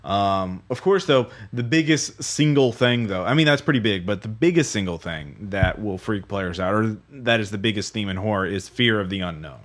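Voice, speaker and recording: A man hosting a podcast in relaxed, casual chat, swearing freely. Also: on the low side, normal speed, few pauses. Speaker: podcast host.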